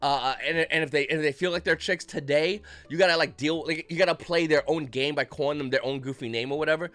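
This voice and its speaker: Higher-pitched man ranting casually. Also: fast talker, a bit bright, no echo. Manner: rambling, profane, mocking. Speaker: card game channel host. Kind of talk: casual rant to camera.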